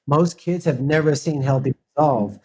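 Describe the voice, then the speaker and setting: A man guest on a podcast, clarifying points and telling stories about his relationship in an animated way. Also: on the high side, moderate pace, breathy edge. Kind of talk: candid relationship talk.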